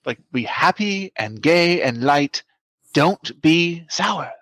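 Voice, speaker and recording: A woman's voice: low-pitched, animated, slow, fairly bright tone. A woman in a tabletop game, playing an over-cheerful, gushing character. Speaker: player.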